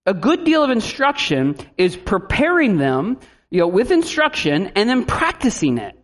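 A man preaching a sermon as a pastor, in a lively style with animated asides. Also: sits high, normal speed.

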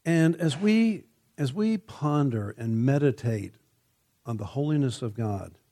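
Male preacher, sermon, slow delivery, mellow tone, emphatic scripture reading. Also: medium pitch, animated. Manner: measured, emphatic, rising on scripture quotes.

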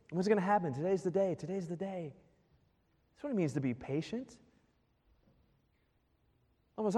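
A man preaching with a lively, swinging delivery, his voice sitting a touch high for a man. He keeps firing rhetorical questions at the congregation. The sound carries a long reverb from the large church hall. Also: slightly rough. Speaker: pastor. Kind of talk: sermon.

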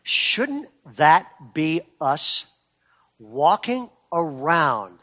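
Middle-aged male pastor, high voice, lively storytelling sermon that builds to fervent emphasis. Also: measured pace. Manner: storytelling with acted quotes, rising to fervent emphasis.

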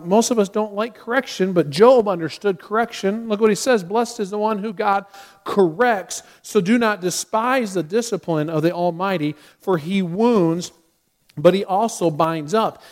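A man's voice: high voice, unhurried. A middle-aged man preaching a sermon as a pastor, earnest, with sudden acted outbursts.

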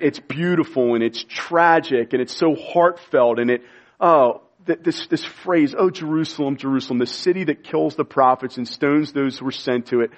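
Man preaching to a congregation, fervent and pleading, recorded on muffled low-fidelity audio. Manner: impassioned, pleading preaching with sudden quiet drops. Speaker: pastor. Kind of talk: sermon.

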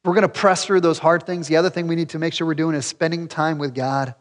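A man's voice: on the high side, steady tone, fast talker, big-room sound. A man preaching a sermon as pastor, talking to the congregation in a direct, conversational and emphatic way. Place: church sanctuary.

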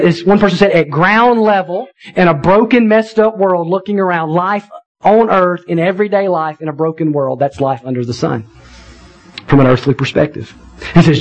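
A man preaching a sermon in a conversational, animated way, with wry asides to the congregation. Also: sits high, poor audio. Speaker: pastor.

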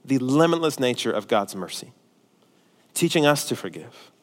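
A male pastor preaching a sermon, forceful and emphatic at times and quiet and pastoral at others. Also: mid-range voice, very animated, moderate pace. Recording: long hall reverb.

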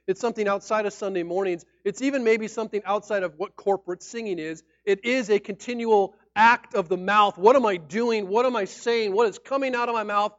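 A man preaching a sermon in an animated, conversational way, sometimes acting out people's reactions. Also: high voice, no echo. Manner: animated, acts out shouting fans and mock-formal speech. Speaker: pastor. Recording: dry, dull lo-fi sound.

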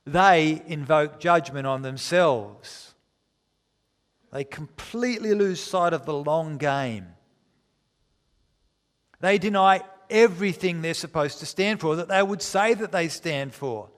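A man's voice: fairly high pitch, fairly bright tone. Preaching man in a reverberant hall. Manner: dramatic, slows for emphasis, reads scripture aloud. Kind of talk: sermon.

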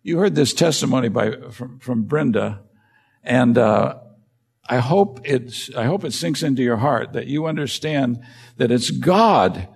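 A man's voice: mid-range voice, expressive, unhurried, gravelly, breathy edge. A man preaching a sermon as pastor, emphatic and firing rhetorical questions at his listeners. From United States.

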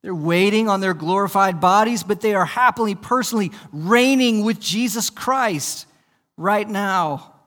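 A male pastor preaching a sermon, asking rhetorical questions and repeating words as he starts his sentences, swinging from soft and low to loud and emphatic. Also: unhurried, long reverb tail. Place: church.

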